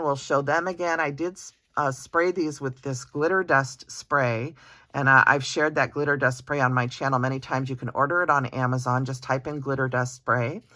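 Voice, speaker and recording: A woman walks through her handmade cards in a relaxed show-and-tell, gushing over each one with plenty of ums and uhs. Her voice is bright and crisp. The sound is dry and close, with no room around it. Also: a bass voice, dry recording. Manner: gushing, soft-spoken, frequent ums and uhs. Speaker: card-making channel host.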